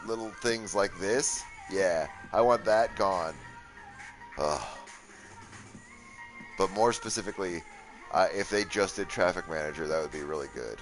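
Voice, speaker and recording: A man's voice: sits low, a little slow, pauses often, faint music behind. A young man streaming a game, tired and rambling, with sarcastic asides and lots of swearing. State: worn out from a long session. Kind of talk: casual gaming commentary.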